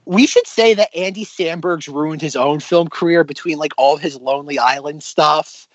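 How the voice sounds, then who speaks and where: A man's voice: a little high, normal speed, no echo, dull audio. Man chatting about a film. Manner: animated, retells scenes with voices. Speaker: podcast co-host. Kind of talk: casual film discussion.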